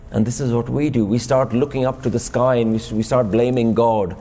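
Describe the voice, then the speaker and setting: A man's voice: medium pitch, steady tone, fairly quick, warm tone, long reverb tail, slight background noise. A man giving a sermon at a gurdwara, telling a parable and posing rhetorical questions to the congregation. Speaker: speaker at a Sikh gurdwara. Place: gurdwara hall.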